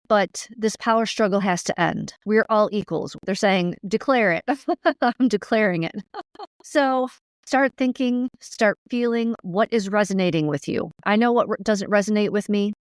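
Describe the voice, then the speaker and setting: A woman's voice: mid-range voice, smooth, no room sound, studio quality. A middle-aged woman co-hosting a spiritual podcast, talking earnestly and emphatically, laughing often. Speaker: co-host. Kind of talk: casual spiritual podcast talk.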